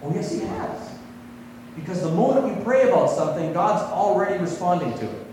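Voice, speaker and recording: A male pastor gives a sermon in a relaxed, conversational way, often turning to his listeners with questions. His voice sits a little high and moves with a lot of lift and fall. He sounds distant from the microphone, with a long hall echo around him. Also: fairly quick, a little hiss or hum. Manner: conversational, asks the congregation questions. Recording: echoey hall, voice from far off.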